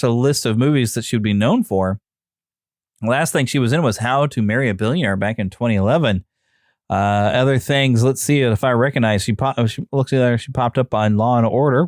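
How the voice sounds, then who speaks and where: A man's voice: medium pitch, dry recording. Chatty podcast host man, dry sound. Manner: chatty, reads notes aloud with many fillers. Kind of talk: casual solo podcast talk.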